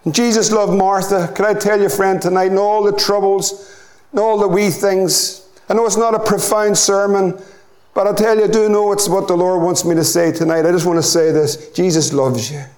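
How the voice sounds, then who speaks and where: A man's voice: sits high, fairly even intonation, normal speed, a little mellow. A middle-aged man with a Northern Irish accent preaching a sermon as pastor, building to impassioned, repeated appeals.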